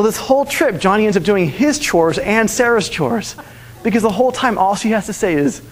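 A man's voice: high voice, lively intonation, a little fast, a bit bright, big-room sound. A man preaching a sermon, earnestly telling stories and repeating his key lines. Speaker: pastor.

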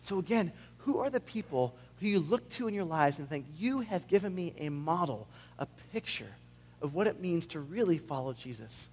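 A man preaching a conversational sermon, reading scripture with animated sarcasm. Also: a little high, moderate pace, in a large hall, slight background noise. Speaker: pastor.

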